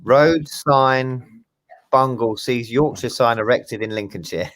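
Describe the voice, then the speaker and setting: Dry-humored man, mid-pitched. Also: takes it slowly, fairly bright tone. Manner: dry, teasing banter. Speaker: co-host. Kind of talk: casual chat.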